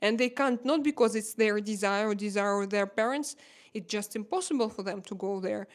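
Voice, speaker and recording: A woman in her thirties from Russia, speaking English with a Russian accent as a livestream host, emotional and pleading, halting often to find words. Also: mid-range voice. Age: 30s. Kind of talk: casual livestream chat.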